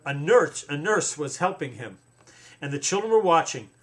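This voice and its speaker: A man reading a picture book aloud to his children, playful and drawn-out, stopping often to point things out and comment. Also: fairly high pitch, lively intonation, fairly bright tone, slightly rough.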